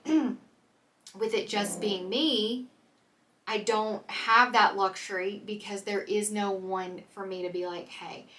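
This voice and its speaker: A young woman vlogger, a military spouse, chats candidly to camera, her speech full of "like" and "um." Her medium-pitched voice sounds pushed and bright, and the mic is distant.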